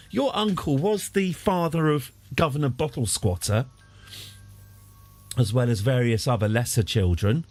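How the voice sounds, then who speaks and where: A man's voice: mid-range voice, sing-song, normal speed. A man streaming a strategy game live, chatting with jokey asides.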